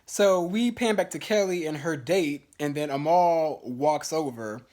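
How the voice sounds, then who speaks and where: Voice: medium pitch, unhurried. Blunt, gossipy TV-review vlogger. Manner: chatty, blunt, profane, gossipy; fillers and restarts, lively swings in loudness. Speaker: TV episode reviewer. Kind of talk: casual TV review vlog.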